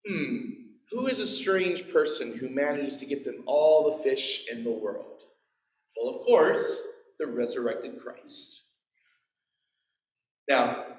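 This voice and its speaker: A man's voice: mid-range voice, echoey room, low-quality recording. A man in his forties preaching a sermon, telling the story with playful asides and acted-out quotes. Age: 40s. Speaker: pastor. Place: church.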